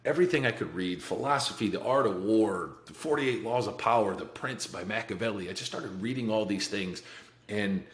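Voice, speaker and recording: Talking at normal speed in a voice on the low side, a man in his forties recounts his life as a podcast guest in a candid interview. He's blunt and profane, restarting often and laughing briefly, and the recording has a roomy echo.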